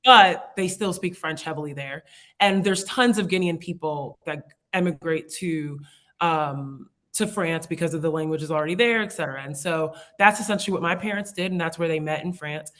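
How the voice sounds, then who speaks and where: A woman's voice: low voice, normal speed, a bit bright. A young woman from the United States, a guest in a casual interview, talking in a chatty, reflective way with frequent laughs and fillers.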